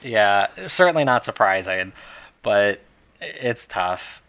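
A man's voice: fairly low pitch, animated, takes it slowly, fairly bright tone, smooth. A man co-hosting a casual podcast, recapping a movie in a wry, rambling way and laughing often. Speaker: podcast co-host.

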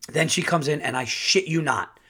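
A man hosting a podcast, telling a rambling, profane, animated story in a casual way. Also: fairly high pitch, slightly rough. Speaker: podcast host and comedian.

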